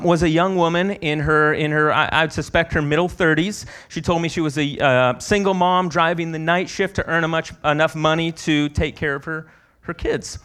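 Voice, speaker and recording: Male preacher, slightly high voice, chatty storytelling sermon delivery. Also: fairly bright tone, clear, resonant tone. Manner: conversational storytelling with restarts. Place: conference hall.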